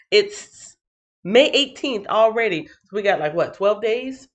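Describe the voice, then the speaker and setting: A woman hosting a casual livestream, who sounds tired after a night shift. She reads out chat comments in an animated, playful way and breaks into sing-song bits. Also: mid-range voice, moderate pace, dull audio. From Texas. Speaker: livestream host.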